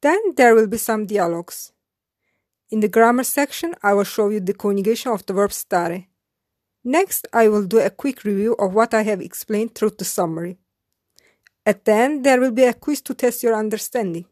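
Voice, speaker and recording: A woman teaching beginner in a scripted lesson, saying each phrase slowly and repeating it for learners to copy. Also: mid-range voice, darkish tone, no room sound, studio quality. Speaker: Italian language teacher. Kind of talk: slow scripted language lesson.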